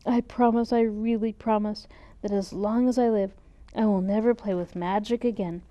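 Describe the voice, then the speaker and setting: A woman voicing a clumsy, impulsive young man disguised as a girl apprentice, speaking loudly and excitedly, pleading, in a dull lo-fi recording. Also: mid-range voice, moderate pace, lightly acted.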